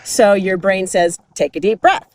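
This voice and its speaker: A woman's voice: mid-range voice, a little slow, slight background noise. A woman hosting a casual health talk while out on a hike, explaining things in an upbeat way. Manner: explanatory, upbeat, laughs easily. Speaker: host. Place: outdoors on a hike.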